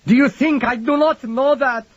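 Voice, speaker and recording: A man's voice: a little high, very animated, a little slow, breathy edge, no echo, muffled recording, voice pushed up, exaggerated voice. A man voicing a formal middle-aged foreign husband whose wife has died, speaking in stiff careful sentences that break into anguish.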